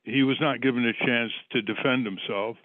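A man's voice: medium pitch, steady tone, moderate pace, no room sound. A man hosting a radio talk show, interviewing a guest and arguing his case in numbered, emphatic points. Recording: dry tinny phone-like line.

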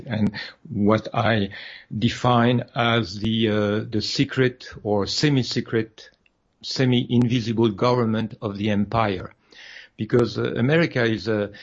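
A man's voice: fairly low pitch, dull audio. A man being interviewed as an author, speaking hesitantly with many fillers and restarts. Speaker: guest author. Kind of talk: interview over a phone line.

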